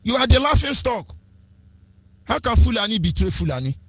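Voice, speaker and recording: A man's voice: extremely high pitch, big pitch swings, moderate pace, husky, dry recording, faint music behind. A man with a Nigerian accent hosting a radio talk show, ranting and scolding in a preachy, sing-song delivery. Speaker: radio host.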